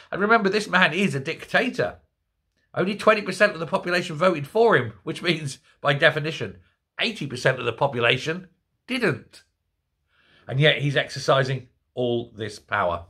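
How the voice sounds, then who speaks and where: Man, sarcastic rant, husky voice, bright tone. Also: medium pitch. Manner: indignant, sarcastic. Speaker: political commentator. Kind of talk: ranting monologue.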